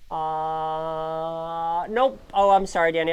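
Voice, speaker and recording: A woman streamer in casual chat with her viewers, playful and dramatic, dropping to whispers and then bursting out loud. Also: a little high, sing-song, measured pace, slight background noise. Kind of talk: casual chat answering chat questions.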